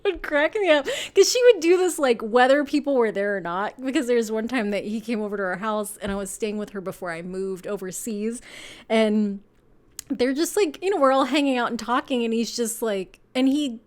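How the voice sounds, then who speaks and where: A woman's voice: on the high side, moderate pace. A woman giving a casual pick-a-card tarot reading, chatty and meandering, with lots of fillers, frequent laughter and casual swearing. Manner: laughs often while talking.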